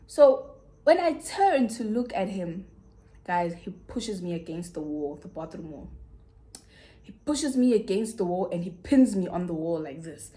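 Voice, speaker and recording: A young woman with a South African accent, telling a personal story in a casual, animated way with big swings in pitch. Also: normal speed. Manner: animated, dramatic retelling with swooping pitch. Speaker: YouTuber.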